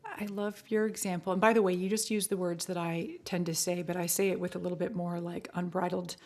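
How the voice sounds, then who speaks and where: A woman talking as a podcast guest, animated and chatty, with many fillers and quick bursts of speech. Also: fairly low pitch. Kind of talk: casual interview chat.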